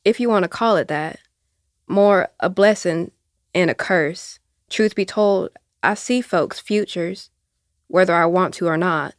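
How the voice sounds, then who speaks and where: Actress as elderly Appalachian aunt, seer, tender slow drawl, dry close audio-drama sound. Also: female voice, lowish voice, dry recording, lightly acted. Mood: wistful.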